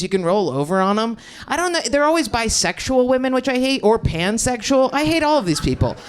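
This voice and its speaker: A woman's voice: on the high side, slight background noise. A young woman doing an improvised stand-up set, brash and rambling, laughing through her punchlines. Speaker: stand-up comedian.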